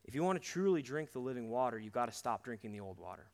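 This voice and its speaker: A young man preaching a sermon to a campus ministry, earnest and emphatic, dropping low and quiet on his key points. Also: big pitch swings, fast talker. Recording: long hall reverb.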